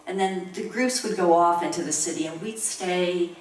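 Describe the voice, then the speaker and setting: A woman's voice: lowish voice, a little hiss or hum. A woman in her sixties, a professor reading a reflective academic tribute talk with personal anecdotes. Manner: measured, reflective reading, chuckling during anecdotes. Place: university lecture room. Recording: roomy room recorded from far off.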